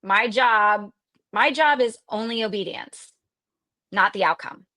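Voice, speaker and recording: A chatty woman from Texas tells a story as a podcast guest, bouncing between her own voice and the people she quotes. She is outgoing and lively, with plenty of "um" and "like" along the way. Her voice is mid-pitched, recorded dry and close. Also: a little slow, no echo. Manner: animated, lively retelling with quoted dialogue and frequent fillers; extroverted and talkative. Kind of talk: casual storytelling interview.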